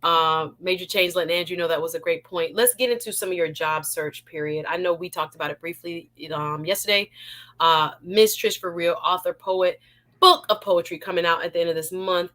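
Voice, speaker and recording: A woman's voice: fairly low pitch, brisk. A Jamaican woman hosting a live online talk show, playful and laughing as she greets viewers in the chat. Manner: lively and playful, laughs often, shout-outs to chat.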